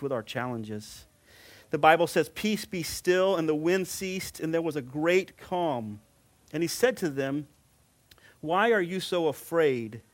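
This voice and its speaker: Man, middle-aged, sermon, slightly high pitch, emphatic, repeats phrases, slow on quotes. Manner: slows down to stress scripture quotes. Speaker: preacher.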